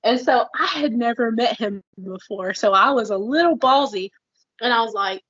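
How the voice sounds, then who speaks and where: A woman's voice: on the high side, normal speed, a bit bright, no room sound, dull audio. A woman co-hosting a podcast in casual chat, blunt and fired up, swearing freely. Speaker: podcast co-host.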